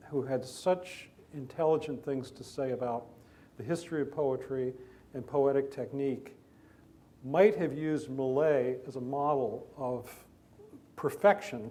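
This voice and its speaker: Man, literary guest, mellow tone, analytical and halting speech before a stage audience. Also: mid-range voice. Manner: thoughtful, analytical, halting, with many restarts. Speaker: biographer and guest speaker. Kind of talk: literary talk at a festival.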